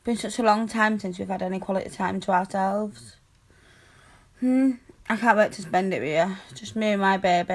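In a girlfriend comfort audio role-play, a young woman speaks at a medium pitch, soothing and reassuring her listener tenderly with soft hushing.

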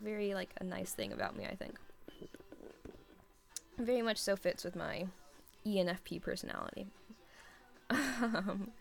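Giggly young woman with vocal fry. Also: medium pitch. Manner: rambling and giggly, heavy on fillers. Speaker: audio creator answering listener questions. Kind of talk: casual chat.

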